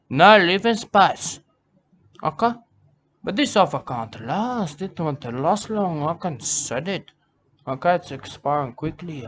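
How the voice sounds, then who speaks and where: A man's voice: a little high, a little hiss or hum. A man, rambling through a comic monologue and repeating his catchphrases over and over. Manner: repetitive, rambling, drops catchphrases. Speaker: comic host.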